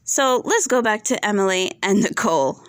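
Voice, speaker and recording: A woman's voice: medium pitch, expressive, normal speed, dry recording, studio quality. A woman giving casual, opinionated commentary on a reality TV show, often checking in with her viewers. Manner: chatty, opinionated, asks "right?" often. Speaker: reality TV reviewer.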